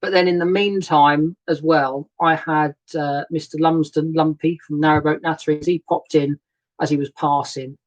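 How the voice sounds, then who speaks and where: A man's voice: on the high side, fairly even intonation, normal speed, highs cut off. Male host, casual rambling chat, friendly greetings to viewers, sofa-side live stream setup. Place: sofa inside a narrowboat. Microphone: laptop webcam setup.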